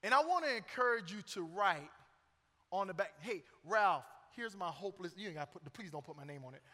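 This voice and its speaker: A man's voice: high-pitched, animated, fast talker, sharp tone. A middle-aged man preaching a sermon as pastor, joking and conversational between emphatic points. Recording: long church reverb.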